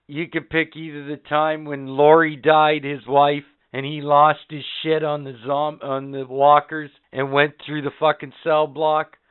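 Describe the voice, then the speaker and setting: Excitable profane man on a tinny line. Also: fairly high pitch, clean tone. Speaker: podcast host. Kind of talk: casual podcast countdown chat. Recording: phone-like narrow band.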